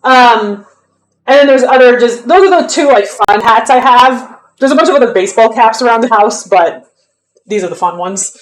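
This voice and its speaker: A woman's voice: fairly high pitch, normal speed. A young woman chatting casually on a live stream, answering viewers' questions in a loose, talkative way. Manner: chatty, answers chat, counts reps under her breath.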